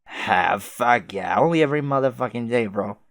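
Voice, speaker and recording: A man voicing a laid-back, profane young male troll clown with a loud, easygoing drawl. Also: mid-range voice, expressive, normal speed, creaky, no echo, clean studio sound.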